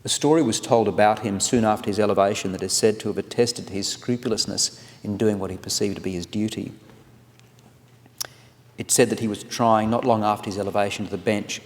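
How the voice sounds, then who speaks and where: A man in his forties giving a formal, scholarly lecture on legal history, measured and read from a paper. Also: lowish voice, fairly even intonation. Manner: measured, scholarly delivery with occasional restarts. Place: large lecture hall. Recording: long reverb of a lecture hall.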